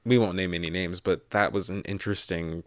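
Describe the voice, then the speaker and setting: A man's voice: low-pitched, steady tone, fairly quick, dry recording, studio quality. A young man co-hosting a podcast, chatting casually and telling stories with many filler words. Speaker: podcast co-host. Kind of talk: casual chat.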